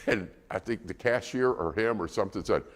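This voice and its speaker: A man's voice: lowish voice, fairly quick. A man preaching a sermon as guest speaker, conversational and asking the congregation questions. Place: church auditorium. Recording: reverberant church hall.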